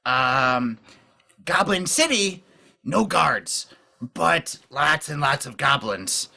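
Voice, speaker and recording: A man voicing a nervous male goblin who talks in halting broken speech. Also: on the high side, animated, gravelly, pushed and bright, pitched above the performer's own voice, heavily acted. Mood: scheming.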